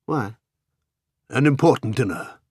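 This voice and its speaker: A man's voice: mid-range voice, expressive, unhurried, darkish tone, slightly rough, no room sound, studio quality, voice pushed up. A man doing a curt, edgy financier.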